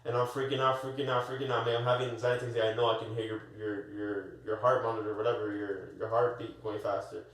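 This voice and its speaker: A man's voice: mid-range voice, fast talker, few pauses. Man telling a story in an echoey room. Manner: animated storytelling with slang and stumbling restarts. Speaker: storyteller on a podcast. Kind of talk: casual chat. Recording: roomy echo, far from the mic.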